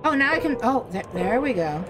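A woman's voice: sits high, sing-song, fairly quick, very noisy. A woman live-streaming a game, chatting in a rambling, blunt way and swearing offhand. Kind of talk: casual live-stream chat.

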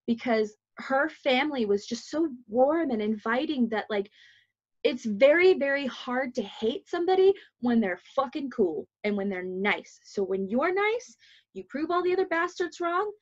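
A woman's voice: sits high, very animated, normal speed. A young woman from the United States, a podcast host telling stories in casual chat, blunt and full of swearing. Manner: blunt, profane storytelling. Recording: dull lo-fi sound.

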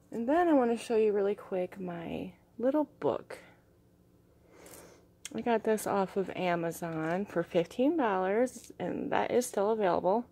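A young woman vlogging casually as she shows her crystals and artwork, gushing and soft-spoken and often dropping to a hushed tone. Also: mid-range voice. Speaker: vlogger showing crystals and art. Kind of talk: casual show-and-tell vlog.

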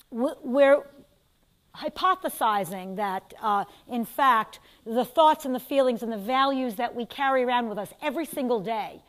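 An older woman with a New York accent, teaching a class in a lively lecture style and putting questions to her students. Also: high-pitched. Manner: animated, asks the class questions, quick asides. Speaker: instructor.

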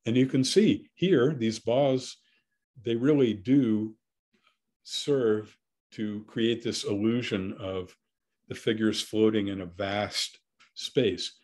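Middle-aged male curator with a lowish voice, lecturing on art in a thoughtful, halting way. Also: steady tone, a little mellow. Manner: thoughtful, with frequent pauses and fillers. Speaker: curator giving a gallery lecture.

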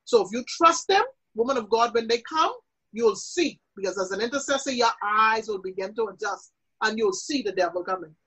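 Husky woman preaching with emphasis. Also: a little high, expressive, a little fast, a bit bright, rough recording. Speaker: prayer minister. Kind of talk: teaching in an interview.

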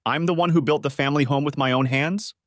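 A patient, firm husband, as a male narrator plays him, gentle and measured, a touch higher than the narration. The voice sits dry and close to the mic. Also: fairly even intonation, no echo, natural voice. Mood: probing.

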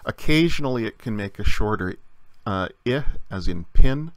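A man with a low voice teaches a lesson slowly and patiently, often pausing on "uh" as he explains. The sound is dry and close, with no room around it. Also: lively intonation, no room sound. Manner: patient explaining with many uh fillers. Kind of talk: recorded language lesson.

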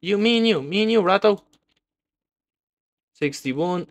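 A young man commenting live on his own gameplay, excitable and repeating words in bursts as he taunts other players. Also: high voice, moderate pace, dry recording, clean studio sound. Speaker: gaming video creator.

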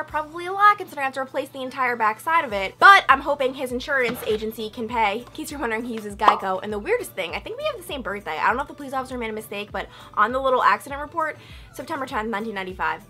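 Young woman vlogging, bright voice that swings all over, soft music behind. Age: young adult. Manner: chatty, animated, acts out quotes with loud high outbursts. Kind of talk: casual storytelling vlog.

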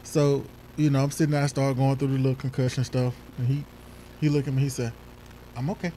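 A man co-hosting a casual talk show, speaking at an average pitch. He is an animated storyteller who acts out the voices of other people. There is a faint hum of noise behind him. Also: quick pace, poor audio. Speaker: podcast co-host; youth football coach. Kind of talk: casual chat.

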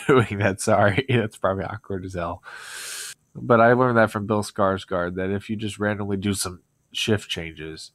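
A man's voice: lowish voice, dry recording. A man talking casually to camera in a rambling, self-deprecating way. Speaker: video creator. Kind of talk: casual vlog talk.

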